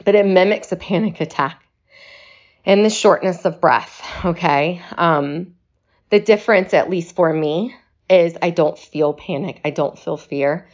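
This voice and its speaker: Breathless woman, slow reflective talk. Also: fairly low pitch, muffled recording. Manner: slow, reflective, reassuring delivery. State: short of breath. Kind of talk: personal video message.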